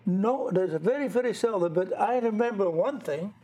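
An older man with a Dutch accent chats as a guest on a talk show. His voice sits high for a man and has a husky, rough edge. He rambles through his stories in a friendly, unhurried way. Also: expressive, mellow. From Netherlands. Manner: chatty, rambling storyteller. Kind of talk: casual chat.

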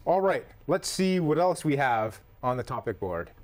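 Lively, playful male podcast host. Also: mid-range voice, moderate pace, faint music behind. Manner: playful, teasing, rambling. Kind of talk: casual comedic chat.

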